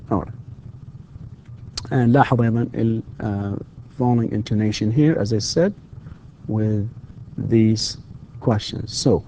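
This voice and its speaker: A man's voice: on the low side, expressive, moderate pace, dark tone, muffled recording, slight background noise. A man giving a university English lecture, switching between explanations and English example questions. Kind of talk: recorded distance-learning lecture.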